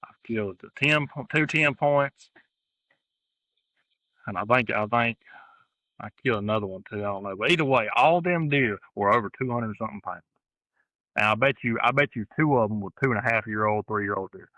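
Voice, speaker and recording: A man's voice: fairly low pitch, moderate pace, long pauses, sharp tone, no room sound, poor audio. A man with an Alabama accent, a hunting guest talking plainly and repeating himself in a casual interview. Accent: Southern American, Alabama. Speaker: guest hunter.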